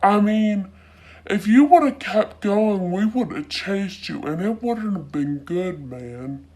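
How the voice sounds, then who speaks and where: A woman voicing a stern young male police officer who talks down to her, slow and lowered. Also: animated, dark tone.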